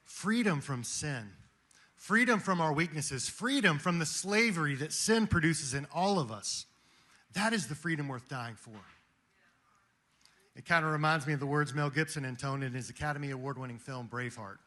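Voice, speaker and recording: Male speaker, high and very forceful, preaching with rousing fervor to a men's gathering. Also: animated, moderate pace. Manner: rousing, quotes famous speeches. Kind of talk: impassioned Christian motivational speech. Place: meeting room with an audience.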